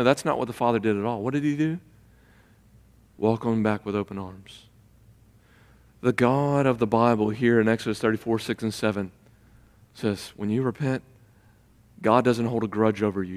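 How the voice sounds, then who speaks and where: A man's voice: fairly even intonation, normal speed, pauses often. Man preaching a sermon in a reverberant hall. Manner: builds to loud, high-pitched emphatic preaching; acts out quoted voices mid-sermon. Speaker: pastor. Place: church sanctuary. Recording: long reverb of a large hall.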